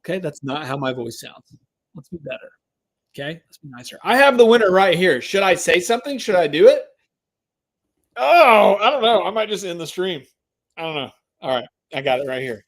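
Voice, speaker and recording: A man's voice: high voice, expressive, normal speed. A man hosting a live stream giveaway, chatting to viewers and drawing out the suspense. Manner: hypes and drags out suspense, talks to chat.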